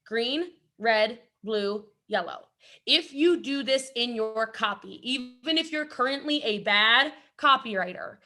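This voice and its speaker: A woman giving an energetic motivational talk at an event, chatty and rambling, often breaking off to laugh. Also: on the high side. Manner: chatty, rambling, self-interrupting, laughs a lot. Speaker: event speaker.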